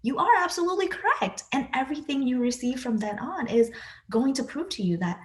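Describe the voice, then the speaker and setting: A woman's voice: high voice, animated, brisk. Earnest woman podcast host. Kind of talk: conversational interview.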